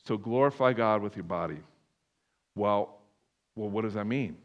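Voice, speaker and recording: A man preaching a sermon, animated, swinging from loud emphatic bursts to hushed low passages, with many restarts. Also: moderate pace, lo-fi sound. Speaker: pastor. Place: church room.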